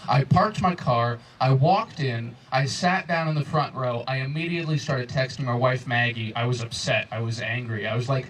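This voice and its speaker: A man in his twenties doing a stand-up comedy set, telling stories with exasperated, animated crowd banter. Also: mid-range voice, moderate pace, hardly any pauses, recorded from a distance, slight background noise, low-quality recording. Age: 20s. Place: comedy club stage before a crowd. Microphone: handheld stage microphone.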